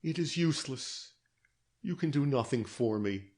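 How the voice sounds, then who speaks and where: A man's voice: mid-range voice, animated, measured pace, a little mellow, voice pushed up, close to an everyday voice. A man reading aloud, voicing a frail young woman on her sickbed who sounds weak, plaintive and pleading. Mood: despairing.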